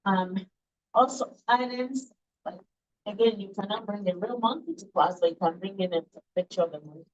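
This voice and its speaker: Woman instructor, mid pitch, patient classroom lecture with playful questions to students. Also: moderate pace, lo-fi sound. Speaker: early childhood education instructor.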